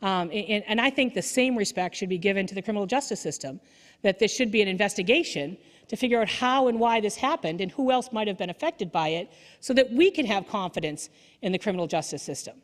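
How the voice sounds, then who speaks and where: A woman lawyer giving a candid, energetic story-driven speech at a dinner event. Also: medium pitch, fast. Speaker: defense attorney. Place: banquet hall. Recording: echoey hall.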